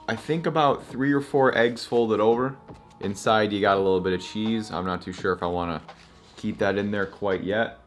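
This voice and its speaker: A man's voice: lowish voice, a bit bright. A young man vlogging, casually telling a story and acting out both sides of the conversations.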